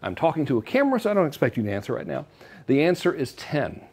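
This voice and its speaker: Husky, animated male marketing presenter. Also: on the high side, fast talker. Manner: animated, joking, salesy. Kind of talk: direct-to-camera marketing talk.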